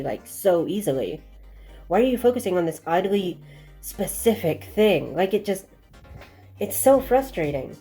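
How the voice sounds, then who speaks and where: A woman's voice: on the low side, mellow. A woman giving a reflective commentary monologue, musing and frustrated, full of rhetorical questions and restarts. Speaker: video essayist.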